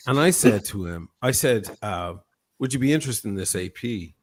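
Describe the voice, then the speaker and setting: A man with a fairly low voice tells a long anecdote to a live-stream audience. He swears freely and slips into quoted voices to act out each person in the story. He talks the way a watch collector and channel host chats with his viewers. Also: normal speed. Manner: profane, animated anecdote with acted-out quotes.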